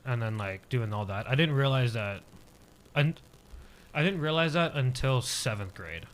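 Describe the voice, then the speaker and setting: A man's voice: mid-range voice, lively intonation, normal speed, a bit bright, slight background noise. A man in his twenties, a podcast guest, telling a personal story casually and hesitantly, with many filler words.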